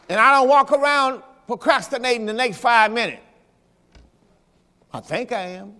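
A man preaches his Sunday sermon, his voice sitting unusually high for a man. He reads scripture and asks his listeners questions in a homespun, conversational way. The sound rings with the long reverb of a church hall. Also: normal speed, long pauses, pushed and bright, some chatter behind. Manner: folksy preaching with scripture quotes and rhetorical questions. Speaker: pastor. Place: church during Sunday service.

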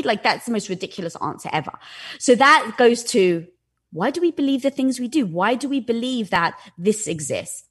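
With a slightly high, breathy voice at a moderate pace, a woman guest speaks candidly in conversation. She's animated and lively, and "like" comes up constantly as a filler.

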